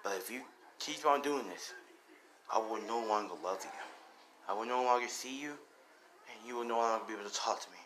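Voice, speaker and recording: A man voicing a gentle, firm young woman. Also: mid-range voice, brisk, long pauses, a little hiss or hum, close to an everyday voice, poor audio. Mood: pleading.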